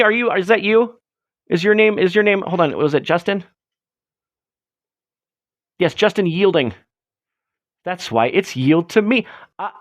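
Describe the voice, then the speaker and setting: A man's voice: vocal fry, a bit bright, no echo, highs cut off. A young man hosting a late-night solo livestream, rambling and joking with his chat in a self-mocking way. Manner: rambling, self-mocking, jokey, swings his pitch up and down a lot. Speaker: livestream host.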